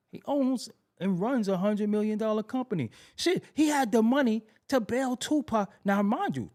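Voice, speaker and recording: A man hosting a podcast, telling music history stories in a casual, animated way and repeating himself for emphasis. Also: high-pitched. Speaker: podcast host.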